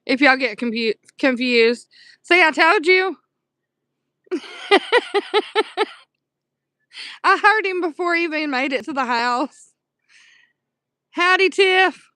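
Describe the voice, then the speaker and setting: A woman with a Southern US accent hosting a casual livestream from a dark room at home at night, chatting warmly and answering her chat aloud with pet names. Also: high voice, expressive, normal speed, no room sound, clean studio sound. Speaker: livestream host.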